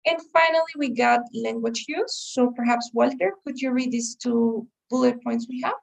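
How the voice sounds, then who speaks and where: Woman, English teacher, patient explainer, creaky voice, slightly distant mic. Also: fairly high pitch, steady tone, moderate pace. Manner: explains patiently, checks in with "okay, guys?". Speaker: English test-prep teacher. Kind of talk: online class explanation. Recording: voice a little far from the mic.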